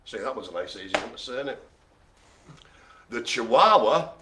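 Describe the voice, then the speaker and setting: A man's voice: mid-range voice, animated, normal speed, noisy background. A man hosting a live online bingo game, calling dog breeds in a playful, teasing way with theatrical asides. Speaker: bingo caller host.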